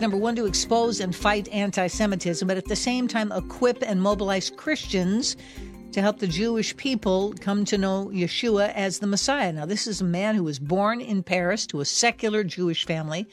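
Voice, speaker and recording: A woman hosting a Christian radio talk show, speaking emphatically and conversationally and building toward pointed questions. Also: mid-range voice.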